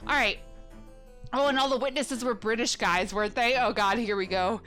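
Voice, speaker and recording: Young woman gamer host, rambling, gunky throat, a little high-pitched, faint music. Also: moderate pace, a bit bright. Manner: chatty and rambling, self-correcting. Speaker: let's play host. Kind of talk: casual gameplay commentary.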